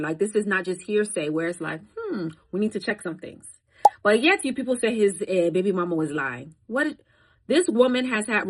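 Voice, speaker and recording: A woman's voice: mid-range voice, fairly bright tone, rough recording. Preachy woman talking to camera. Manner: preachy, conversational, rises into emphatic exhortation. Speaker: Christian content creator. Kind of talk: casual faith commentary to camera.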